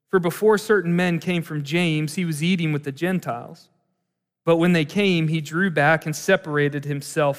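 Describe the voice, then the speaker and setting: Male pastor, slightly high voice, lively conversational preaching, long hall reverb. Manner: conversational, animated preaching with asides. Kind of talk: sermon.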